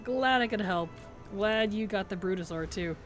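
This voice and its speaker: A woman's voice: medium pitch, moderate pace, soft background music. A woman streamer in casual livestream chat, thanking subscribers, answering chat and giggling often.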